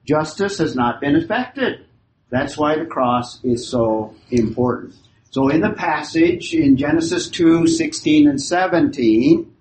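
Slow, emphatic male Bible teacher. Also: fairly high pitch. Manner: asks the class questions, then repeats their answers; emphatic, stretches key phrases. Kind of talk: classroom Bible lecture. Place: classroom with a live group. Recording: roomy hall recording, faint hiss.

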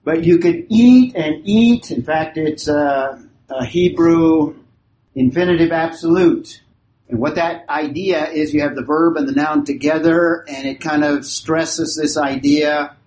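A man's voice: a little high, steady tone, unhurried, darkish tone. A man teaching a Bible class, who asks his group questions, repeats their answers and leans hard on key phrases. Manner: emphatic, stretches key phrases. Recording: roomy hall recording, faint hiss.

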